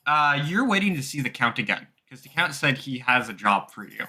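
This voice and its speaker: A man's voice: mid-range voice, big pitch swings, brisk, pushed and bright. A young man narrating a tabletop game as game master in a loose, casual way, with lots of fillers.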